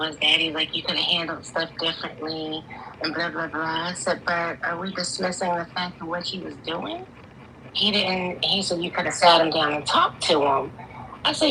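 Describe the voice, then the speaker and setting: A woman's voice: lowish voice, slight background noise, rough recording. A woman of forty with a Philadelphia accent, telling her story to a live show and acting out the others in it. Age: 40s. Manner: animated, acts out voices of others in her story. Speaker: caller. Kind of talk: casual storytelling on a live call.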